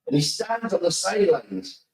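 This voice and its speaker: A man co-hosting a chatty football podcast. He tells his stories with animation, swears and laughs a lot. His voice sits a touch high, and it sounds roomy, as if caught from a distance. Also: expressive, normal speed, a little mellow, slight background noise. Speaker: podcast co-host. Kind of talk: casual chat.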